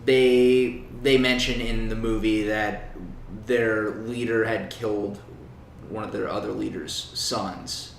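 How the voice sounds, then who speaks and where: Gravelly-voiced man, hesitant podcast talk. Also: on the low side, level tone, slow pace, echoey room, far from the mic, a little hiss or hum. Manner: hesitant, lots of uhs. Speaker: podcast co-host. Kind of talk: casual podcast chat.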